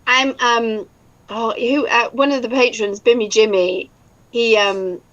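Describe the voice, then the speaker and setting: A woman's voice: a little high, fairly even intonation, measured pace, a bit bright, muffled recording. An English woman in casual chat, talkative and laughing often, now and then swearing. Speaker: voice actor guest.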